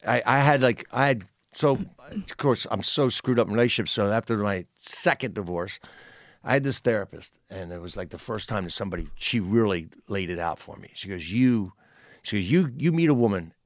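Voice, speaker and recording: On a podcast recorded with clean studio sound and no room echo, a comedian in his sixties tells a long story in casual conversation. His voice is lowish and a little fast, and he animatedly performs the quotes of the characters involved.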